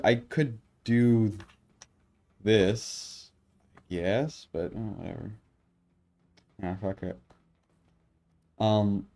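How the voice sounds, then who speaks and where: Slow, muttering man swearing at his code. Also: fairly low pitch, mellow. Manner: muttering and swearing, exasperated self-talk. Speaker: programmer streaming his work. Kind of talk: casual talk-aloud coding session. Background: keyboard typing and faint music.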